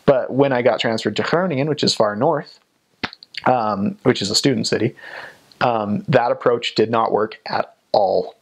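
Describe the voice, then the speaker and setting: A man's voice: mid-range voice, moderate pace. A young man and former missionary in casual interview talk, chatty, with frequent ums and restarts.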